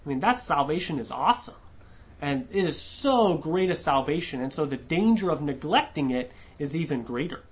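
A man preaching a sermon verse by verse in a conversational way. He often checks in with a questioning "right?", restarts words and slows down to stress key phrases. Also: high voice. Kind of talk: expository sermon.

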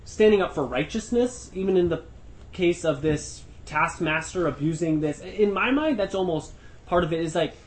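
A man leading a Bible study discussion, thinking aloud with frequent restarts and slow emphasis on key words. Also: high voice, lively intonation, slight background noise. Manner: thoughtful, restarts often, stresses words slowly. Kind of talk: teaching discussion.

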